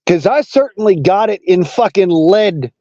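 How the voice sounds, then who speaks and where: A man's voice: sits high, expressive, normal speed, darkish tone, dry recording, muffled recording. A man from Arkansas with a Southern accent, hosting a casual political monologue in a blunt, profane, rambling way. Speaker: online talk show host.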